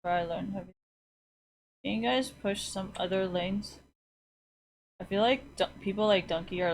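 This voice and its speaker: A chatty woman streamer talks to her viewers mid-game in a voice of middling pitch. She teases, laughs and swears bluntly. A faint hiss sits under her voice. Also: moderate pace, long pauses. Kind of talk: casual chat while playing a video game.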